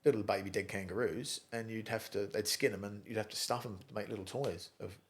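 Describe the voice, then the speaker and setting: A middle-aged man from England with an English accent gone a little Australian, telling rough, funny stories in a relaxed interview. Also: lowish voice, a little fast. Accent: English, softened toward Australian. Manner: chatty yarn-spinner, swears freely, laughs through stories. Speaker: guest, gym founder. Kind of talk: casual storytelling interview.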